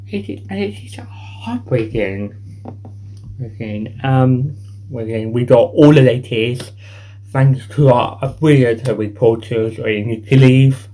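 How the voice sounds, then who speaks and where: A man presents a homemade newscast in a mellow, dark voice, rambling as he goes. He circles back on the same words and restarts his sentences again and again. Faint background noise sits under the recording. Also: mid-range voice, low-quality recording. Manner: rambling and repetitive, restarts phrases often. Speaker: home news show host. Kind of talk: improvised mock news reading.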